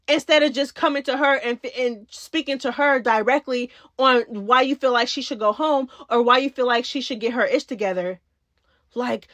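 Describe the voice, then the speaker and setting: A young woman hosting a reality TV recap, talking straight to her viewers in a sassy, slangy, animated way. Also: high voice, no room sound. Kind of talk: casual recap commentary.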